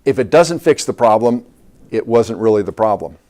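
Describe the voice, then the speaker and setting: A man's voice: on the low side, lively intonation, moderate pace, a little mellow. A man, a doctor guest, explaining step by step in an interview.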